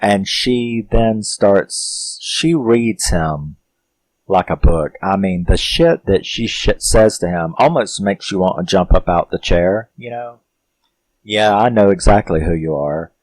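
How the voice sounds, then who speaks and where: Man, low voice, dry close sound, loose casual film recap, filler-heavy. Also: expressive, takes it slowly, no echo. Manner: rambling, loose, with frequent "you know" fillers; laughs often while retelling. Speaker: film reviewer.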